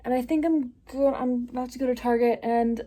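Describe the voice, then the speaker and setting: A woman's voice: fairly high pitch, steady tone, a little fast, warm tone, no echo. A woman in her twenties chatting casually to a phone camera, swearing freely and full of fillers. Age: 20s. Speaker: vlogger. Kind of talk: casual vlog chat. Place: outdoors walking, then indoors at home.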